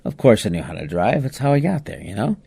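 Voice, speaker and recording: Animated man telling a story. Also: fairly low pitch, fast, vocal fry, slightly rough. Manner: animated, with frequent "you know" asides and restarts. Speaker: podcast host telling a personal story. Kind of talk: casual spoken storytelling.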